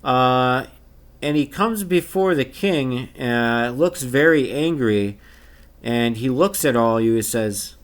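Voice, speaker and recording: A man narrating a tabletop game as game master, pausing often with fillers. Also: medium pitch, animated. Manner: hesitant, many uh fillers.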